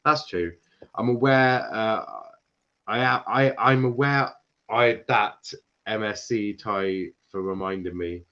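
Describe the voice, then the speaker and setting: A man from Ireland hosts a casual football talk show and reads out comments from the chat. He laughs often and stumbles into quick restarts. His voice comes through a dull, lo-fi mic. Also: on the low side, fairly bright tone. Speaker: podcast host reading chat. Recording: dull lo-fi sound.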